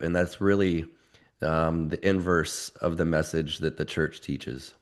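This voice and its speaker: A man speaking as a guest in a relaxed conversation, telling stories thoughtfully. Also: sits low, a little slow. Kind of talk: casual conversation.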